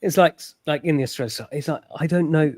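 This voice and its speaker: A man who joins a casual chat as a guest and speaks in a halting, hesitant way. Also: fairly high pitch, darkish tone, no echo, clean studio sound.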